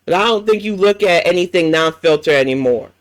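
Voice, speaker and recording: A man's voice: high voice, expressive, a little fast, no room sound, poor audio. A man hosting a livestream commentary show, ranting bluntly with heavy profanity.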